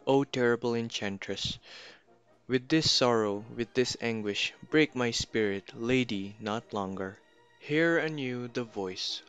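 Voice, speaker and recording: Slow, solemn man reciting poetry. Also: mid-range voice, fairly bright tone, clear, resonant tone. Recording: dull lo-fi recording.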